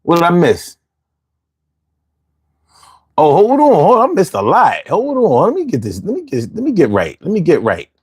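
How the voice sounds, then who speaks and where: A man with a high, light voice reads out viewer comments and riffs on them in loose, slangy talk with plenty of swearing. The sound is dry and close, with no room echo around him. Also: huge pitch swings, normal speed, pauses often, darkish tone, breathy edge. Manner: slangy, profane, conversational. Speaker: streamer reading viewer comments. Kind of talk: casual commentary.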